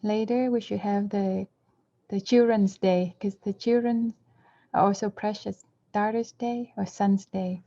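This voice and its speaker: A woman interpreting a dharma talk, speaking in measured short phrases and now and then correcting herself mid-word. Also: medium pitch, steady tone, dark tone. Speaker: interpreter for a Buddhist teacher. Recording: dull lo-fi recording.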